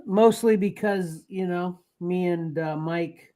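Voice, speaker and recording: A man's voice: sits high, slow pace, dark tone. A man co-hosting a casual podcast chat, talking loosely with frequent laughs and trailing phrases. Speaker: co-host.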